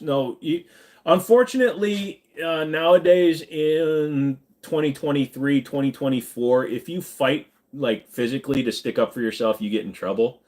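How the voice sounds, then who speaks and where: A man in his forties talks loosely on a long live stream, worn out but still joking and reading comments from chat. His voice sits at a plain middle pitch, and he swears freely as he rambles. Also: moderate pace, a little mellow. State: tired after hours of streaming.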